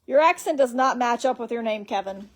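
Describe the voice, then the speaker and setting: A woman's voice: a little high, expressive, a little fast. A woman hosting a casual live stream on her phone, rambling through her story and reading viewer comments aloud.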